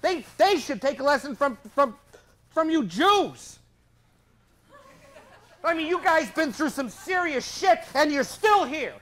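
A bitter, profane cop. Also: male voice, extremely high pitch, animated, measured pace, pauses often, a bit bright, full character voice. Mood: angry. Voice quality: blunt, profane, defiant. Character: bitter foul-mouthed middle-aged cop. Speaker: police officer. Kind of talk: stage drama dialogue.

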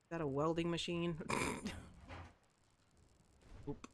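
A woman commentating as she plays a video game, talking to the objects on screen and swinging between mopey asides and excited outbursts. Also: fairly low pitch, takes it slowly. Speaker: gamer. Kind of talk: let's play commentary.

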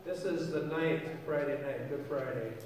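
A pastor delivering a sermon in a church sanctuary, his voice pitched high and ringing through a long, echoey hall. He is animated and playful, often stopping to ask the congregation questions. He is picked up from far off, with faint room noise underneath. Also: normal speed.

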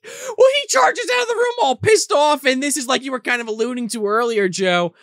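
Woman recapping a movie, sarcastic and sweary, bright sharp voice, lively. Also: high-pitched, brisk, no echo, clean studio sound. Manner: wry, profane, sarcastic asides. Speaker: podcast co-host. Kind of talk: casual movie recap chat.

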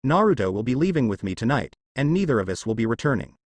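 A man's voice: medium pitch, big pitch swings, quick pace, no echo. A man reading the lines of a wrathful male sun god and protective father, growling with cold fury. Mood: stern.

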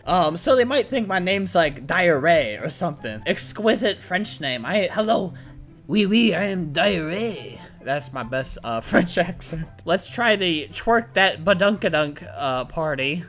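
A young man giving excitable, foul-mouthed comedic commentary while playing a game, often bursting into laughter. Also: a little high. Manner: excitable, swears a lot, frequent laughing outbursts. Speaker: gaming YouTuber. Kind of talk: comedic let's-play commentary.

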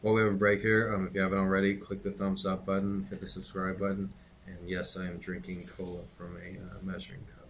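A middle-aged man with a fairly low voice reads a novel aloud at an unhurried, steady pace. His delivery is plain and even, like a teacher reading to a class, with faint background noise. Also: poor audio. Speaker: reader and teacher.

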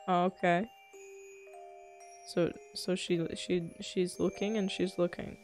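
A woman's voice: on the low side, little pitch movement, slow pace, pauses often, darkish tone, soft background music. A woman streaming a game live, giving goofy, playful running commentary and reading the dialogue aloud.

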